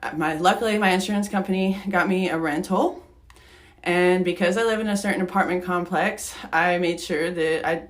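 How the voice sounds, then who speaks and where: A woman's voice: fairly low pitch, fairly even intonation, normal speed. A young woman co-hosting a podcast, candidly telling a personal story, getting emotional and laughing through it. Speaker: podcast co-host.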